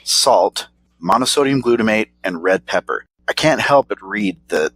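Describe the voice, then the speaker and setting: Low-voiced laid-back man. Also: animated, moderate pace, a bit bright. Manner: laid-back, rambling, chuckles often. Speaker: podcast co-host reviewing snacks. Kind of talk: casual chat.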